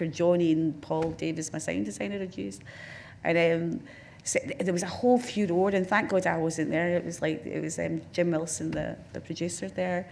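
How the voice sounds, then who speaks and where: Glaswegian woman telling rambling stories. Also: lowish voice. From Scotland. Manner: rambling storyteller, many restarts and "you know"s. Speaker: film director, interview guest. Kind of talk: on-stage career conversation, anecdotal. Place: festival talk stage with audience.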